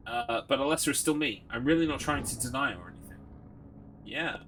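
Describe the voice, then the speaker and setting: Bright-voiced British man streaming a game. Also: medium pitch, fairly quick, slight background noise. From Britain. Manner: reads item text aloud, mocks and jokes with chat. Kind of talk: casual game commentary.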